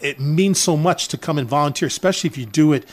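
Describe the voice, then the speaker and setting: A man's voice: on the high side, fast talker. An older man, a charity organizer, telling an emotional personal story to listeners, with many "uh" fillers. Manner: addresses listeners as folks, frequent uh fillers.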